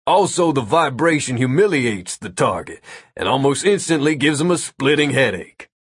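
A man's voice: mid-range voice, big pitch swings, moderate pace, slightly rough, no room sound, studio quality. A man voicing a smug male wizard who explains his prank spell in a mocking, lecturing way.

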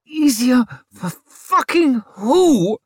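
A man's voice: extremely high pitch, big pitch swings, slow pace, bright, forceful tone, breathy edge, no echo, clean studio sound, voice pushed up, exaggerated voice. A male narrator voicing a furious young noblewoman in labour, snarling and screaming curses.

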